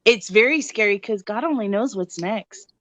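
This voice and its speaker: A woman co-hosting a true crime podcast in casual chat, an animated storyteller who acts out voices. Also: mid-range voice, moderate pace, no room sound. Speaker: podcast co-host.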